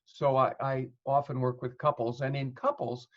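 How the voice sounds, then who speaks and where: A man's voice: medium pitch, little pitch movement, normal speed. A male psychotherapist in an interview, explaining ideas thoughtfully and working through examples. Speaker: psychotherapist guest. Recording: dull lo-fi audio.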